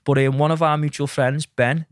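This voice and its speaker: A middle-aged man, a podcast guest telling lively stories and acting out what others said. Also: fairly high pitch, moderate pace, no echo. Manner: lively anecdotes, acts out quotes, says mate a lot. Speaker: podcast guest, mindset coach. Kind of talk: casual storytelling chat.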